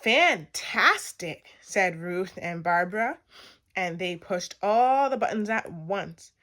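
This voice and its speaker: A woman reading a children's picture book aloud, expressive and playful, acting out sound effects. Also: on the low side, slow. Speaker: storytime reader.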